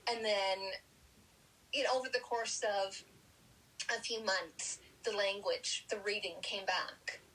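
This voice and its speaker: A woman guest on a podcast interview, retelling personal experiences in a lively, animated way. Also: mid-range voice, slow, husky, low-quality recording.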